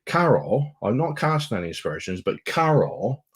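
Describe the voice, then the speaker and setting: A man's voice: medium pitch, sing-song, normal speed, husky. A man co-hosting a travel live stream, chatting casually and telling stories with teasing jokes. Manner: joking, teasing storyteller. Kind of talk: casual chat.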